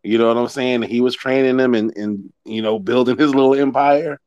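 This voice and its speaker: A man co-hosting a casual watch-along chat with animated, laughing banter. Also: mid-range voice, fairly quick, no echo, highs cut off. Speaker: co-host.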